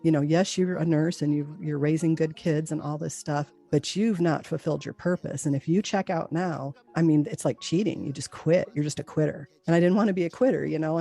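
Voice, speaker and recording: A woman's voice: low voice, gravelly. A middle-aged woman telling her personal testimony of a near-death experience, acting out the dialogue in quotes. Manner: animated, acts out dialogue in quotes.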